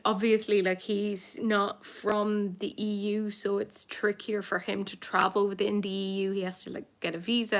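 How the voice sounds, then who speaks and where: A woman's voice: medium pitch, creaky, a bit bright. A woman in her thirties hosting a casual live stream from her phone, rambling and self-mocking, cooing at her cats as she walks from her home out into the garden. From Ireland. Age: 30s. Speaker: livestream host. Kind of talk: casual livestream chat. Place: home, then outdoors in a garden.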